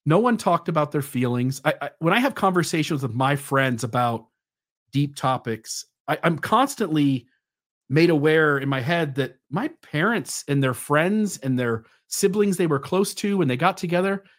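A man's voice: fairly high pitch, expressive, normal speed, a bit bright. Thoughtful man in his forties. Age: 40s. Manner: thoughtful, explanatory, with fillers. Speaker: podcast guest. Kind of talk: conversational interview.

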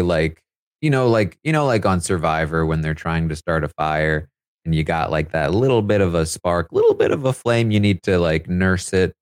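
A man's voice: deep voice, no room sound, clean studio sound. A man hosting a casual recap of a reality show, chatty and full of fillers, laughing as he talks. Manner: chatty, filler-heavy, laughs while talking. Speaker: live feed recap host.

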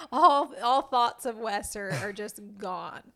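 Bright, giggly woman gushing over a movie. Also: on the high side, lively intonation, slow pace. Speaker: podcast co-host. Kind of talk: casual movie review chat.

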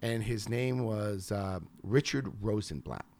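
A man's voice: on the low side, measured pace. New York businessman telling stories. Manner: animated anecdotes with quoted voices. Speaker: business consultant and investor. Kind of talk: storytelling interview answers.

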